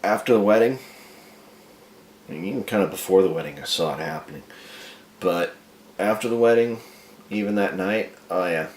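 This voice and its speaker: A man telling a dark, comic story about himself in a crude, profane, rambling way. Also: deep voice, normal speed, pauses often, roomy sound, a little hiss or hum.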